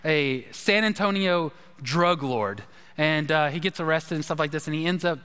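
A pastor with a notably high voice preaches in a relaxed, conversational way, telling stories and tossing in asides. He speaks smoothly at a moderate pace, and a long reverb suggests a large church sanctuary.

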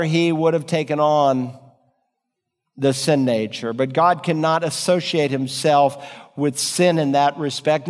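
A man delivering a sermon in a somewhat higher voice than most men. He preaches earnestly, stretching some phrases slowly and rushing others. His voice rings with the long reverb of a big hall. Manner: earnest preaching with sweeping shifts in pace and emphasis. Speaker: pastor.

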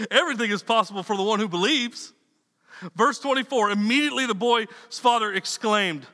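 A man's voice: sits high, expressive, brisk, bright, forceful tone. A man preaching a sermon in a loose, conversational way, repeating words and dropping slangy asides. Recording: long reverb of a hall.

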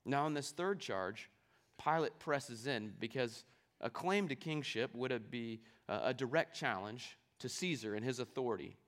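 A man's voice: mid-range voice, moderate pace, a bit bright. A man preaching a sermon, reading scripture aloud and explaining it, asking rhetorical questions along the way. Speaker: pastor.

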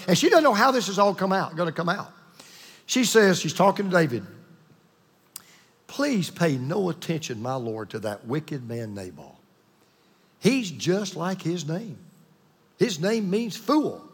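A man delivers a sermon with sweeping, lively pitch, retelling a Bible story and acting out its people. His voice is husky and sits high for a man. The sound carries the long reverb of a large hall. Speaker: pastor.

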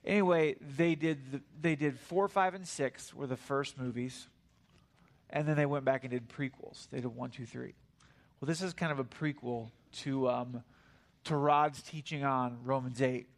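A man in his thirties preaches to a church congregation in a loose, conversational way. His pitch sits in a plain middle range, and he rambles with fillers and quick asides to the listeners. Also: fairly even intonation. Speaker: guest preacher. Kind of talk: conversational sermon. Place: church sanctuary.

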